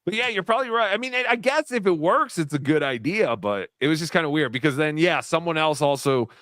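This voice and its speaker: A man's voice: a little high, lively intonation, quick pace, fairly bright tone, no echo, studio quality. A man hosting a casual livestream chat, loose and laughing, swearing freely. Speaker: livestream show host.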